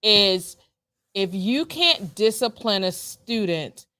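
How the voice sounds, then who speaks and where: A woman, a former school principal, chatting casually as a co-host, telling stories with a lively, repeating way of talking. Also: medium pitch, slow pace, dry recording. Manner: storytelling, animated, repeats words, laughs often. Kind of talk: casual conversational chat.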